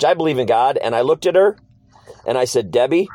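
A man's voice: medium pitch, animated, fairly quick, darkish tone, no room sound, soft background music. A middle-aged man telling his life story as an interview guest, earnest and casual, acting out old conversations and repeating short phrases.

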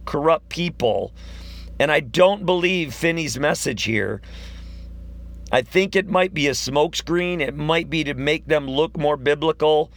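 A man's voice: a little high, a bit bright. A man giving a combative religious commentary, reading out long quotes and firing back with emphatic accusations. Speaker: online preacher.

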